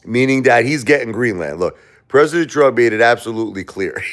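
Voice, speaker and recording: Low-voiced man arguing with his chat. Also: brisk. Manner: defensive, argumentative, repeats himself. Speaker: livestream host. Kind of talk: livestream talk to chat.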